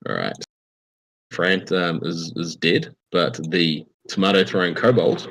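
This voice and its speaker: Brief: low-voiced male game master, chatty, hesitant, home computer mic. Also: a little slow, fairly bright tone, no echo, low-quality recording. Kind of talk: running a tabletop game online. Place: home room.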